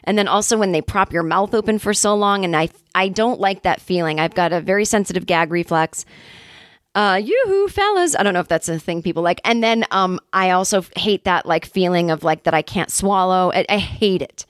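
A woman's voice: lowish voice, steady tone, brisk, few pauses, dry recording, studio quality. Rambling, self-mocking woman podcast host. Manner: rambling, self-deprecating, candid about anxiety. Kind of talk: casual comedic storytelling.

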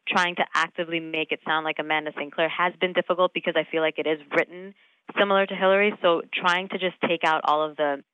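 A young adult actress talking casually in an interview, chatty, laughing often and full of fillers and restarts. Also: female voice, fairly low pitch, steady tone, fast, clean tone, no echo, dull audio. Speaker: actress guest.

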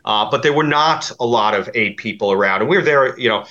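Talkative man with a bright, forceful voice. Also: medium pitch, fairly quick, lo-fi sound. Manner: rambling, with many fillers and restarts. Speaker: guest. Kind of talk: podcast interview.

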